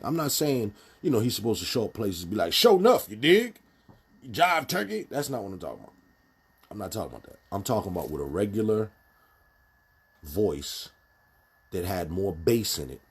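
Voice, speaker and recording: Deep-voiced, husky man speaking bluntly. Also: a little mellow. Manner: emphatic, many fillers and restarts, speaks bluntly. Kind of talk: casual monologue commentary.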